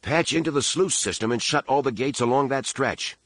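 A man's voice: mid-range voice, moderate pace, fairly bright tone, dry recording, voice pushed up, lightly acted. Man doing a scheming commander.

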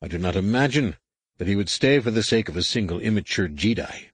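A man voicing a cold, menacing alien warrior commander who speaks slowly and with measured threat, in a husky voice. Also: lowish voice, lively intonation, dry recording. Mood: probing. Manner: slow, measured, coldly threatening.

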